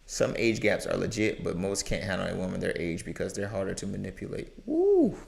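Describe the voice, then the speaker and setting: A man's voice: low-pitched, fairly quick, gravelly. A man giving live reaction commentary, exclaiming and offering advice. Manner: animated, exclaiming, preachy asides. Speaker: reaction streamer.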